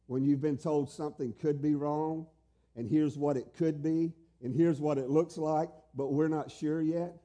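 A middle-aged male pastor preaching a sermon, emphatic, with loud pleading peaks that soften to quiet tenderness. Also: medium pitch.

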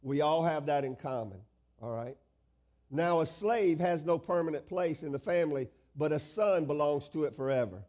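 A man's voice: medium pitch, moderate pace, warm tone. A male pastor preaching a sermon, stretching out key phrases and asking the congregation questions.

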